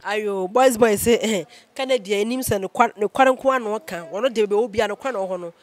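A man hosting a casual political chat, talking quickly and prodding his co-host with questions. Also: high voice.

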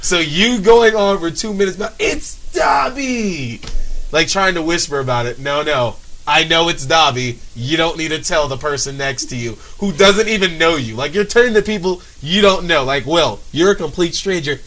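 Bright-voiced young man ranting, exasperated. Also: fairly high pitch, a little fast, few pauses, rough recording. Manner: exasperated, profane, mimics people in put-on voices. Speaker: show guest ranting. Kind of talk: casual comedic rant.

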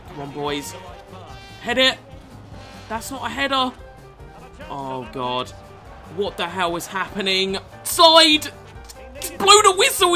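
A young man commentates on his own gameplay, cursing freely and lurching between low grumbles and excited shouts. His voice sits high and leaps around in pitch. Clear music plays underneath throughout. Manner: sweary, excitable, swings from mutters to shouts. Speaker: gaming YouTuber. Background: background music.

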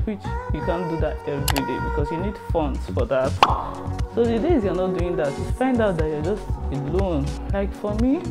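A young woman talks to her viewers in a storytime vlog, honest and emotional as she confides in them. Her voice sits slightly low for a woman. Clear music plays behind her the whole time. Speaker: vlogger.

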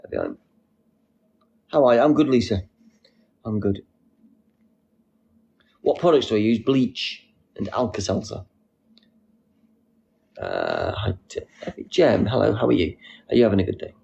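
A young man hosting a casual live stream, reading out comments with a playful, silly manner and sudden squeaky jokes. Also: huge pitch swings, measured pace, creaky, pauses often, darkish tone, lo-fi sound. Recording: faint background noise.

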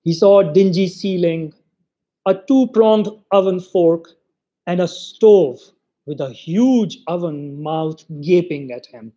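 A man from Pakistan reading a short story aloud in an expressive storytelling manner. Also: sits high, takes it slowly, lo-fi sound. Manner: expressive storytelling, voices the quoted lines. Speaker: reader of short stories. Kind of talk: literary reading.

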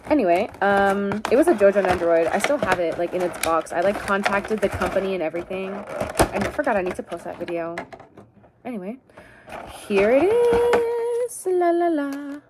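A young woman chatting through an unboxing, bubbly and full of cutesy baby talk, swinging from high squeals to quiet mumbles. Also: brisk, heavy background noise. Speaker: unboxing vlogger. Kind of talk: casual unboxing chat.

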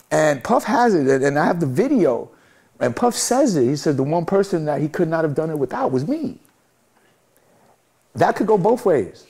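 A man's voice: fairly high pitch, a little mellow, breathy edge. A middle-aged man from Brooklyn, speaking as an interview guest in a reflective, heartfelt way and repeating phrases for emphasis. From Brooklyn, New York.

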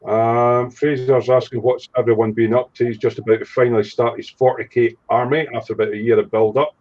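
A man's voice: medium pitch, level tone, a little fast, darkish tone. Male stream host, chatty and jokey, lo-fi audio. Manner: chatty, jokey, reads out chat messages. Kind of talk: casual live chat.

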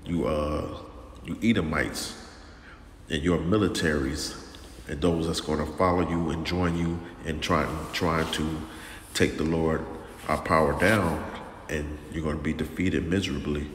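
A man preaching informally and sternly, talking slowly with lots of repetition and restarts. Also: very deep voice. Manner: slow and drawn-out, repeats himself, calls listeners "man", stern. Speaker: religious teacher. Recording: echoey room with long reverb and faint noise.

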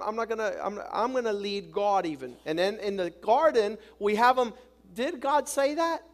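A man preaching a sermon as pastor, acting out quotes with drama and often repeating his words. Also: sits high.

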